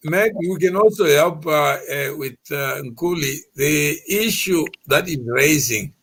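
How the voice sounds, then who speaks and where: Husky, measured man. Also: fairly high pitch, expressive, fairly bright tone. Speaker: guest. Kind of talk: panel discussion.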